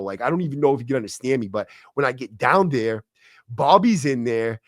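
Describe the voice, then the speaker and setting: A man's voice: medium pitch, brisk, no room sound, clean studio sound. A man hosting a podcast, telling stories in a casual, profane, slangy way, and acting out the voices of the people in them. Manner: profane, slangy, excitable, acts out quotes. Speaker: podcast host. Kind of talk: casual storytelling.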